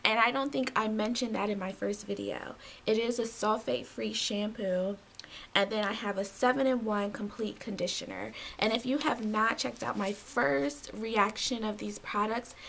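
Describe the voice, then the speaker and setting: A woman's voice: medium pitch, creaky, a bit bright, slight background noise. A young woman vlogging a casual hair product review, chatty and loose with fillers, in a just-woke-up morning voice. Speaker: beauty vlogger.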